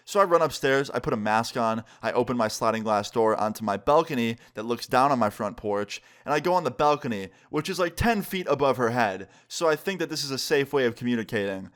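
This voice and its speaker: A man's voice: mid-range voice, a little fast. A young man vlogging a storytime in casual slang, acting out the dialogue. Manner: animated, slangy, acts out dialogue.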